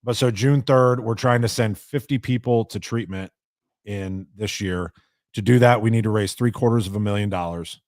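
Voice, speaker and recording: A man's voice: fairly low pitch, moderate pace, dry recording, studio quality. A man hosting a live show, chatting casually, crude and joking, swearing freely. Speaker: podcast host.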